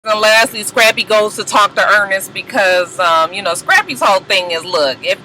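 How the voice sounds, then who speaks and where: A woman vlogger giving a casual recap of a reality TV episode, animated and profane, often laughing as she acts out what people said. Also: medium pitch, moderate pace, slight background noise, low-quality recording.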